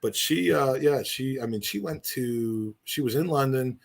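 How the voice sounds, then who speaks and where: A middle-aged man talking casually on a podcast at an ordinary pitch. He rambles earnestly and trips over his own restarts as he thinks aloud. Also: measured pace, gravelly. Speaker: podcast co-host. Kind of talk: casual chat.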